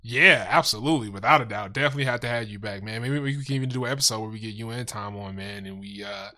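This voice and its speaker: A man hosting a podcast, talking in an easygoing, casual way. His voice sits slightly low but comes across bright and forward. He peppers his speech with "you know" and "man". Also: fast talker. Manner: laid-back, repeats "you know" and "man". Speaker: podcast host. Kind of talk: casual interview chat.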